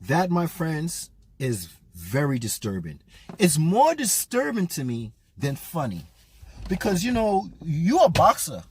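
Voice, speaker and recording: A man's voice: a little high, huge pitch swings, a little slow, breathy edge. A man giving a blunt, profane, mocking rant as a boxing commentator.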